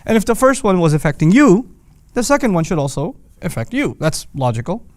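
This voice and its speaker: A man's voice: high-pitched, very animated, brisk, no echo. A man teaching a casual lesson on Quranic Arabic, explaining conversationally with everyday examples.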